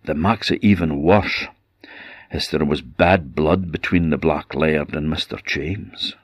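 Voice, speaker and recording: A Scottish man voicing a nervous male undertaker's lad in a spoken folk tale, talking in a hushed, uneasy way. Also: extremely low pitch, measured pace, breathy edge, no room sound, studio quality, exaggerated voice.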